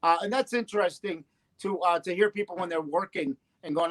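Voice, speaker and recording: A man, a guest comedian from the United States, chatting casually on a podcast in a relaxed, rambling way. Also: high-pitched, brisk.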